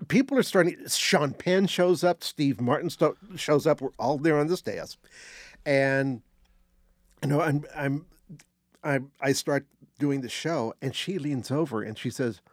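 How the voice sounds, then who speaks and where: An older man telling a casual anecdote as a guest, animated, acting out quotes and restarting phrases. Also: a little high, unhurried, no room sound, studio quality. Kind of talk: casual storytelling.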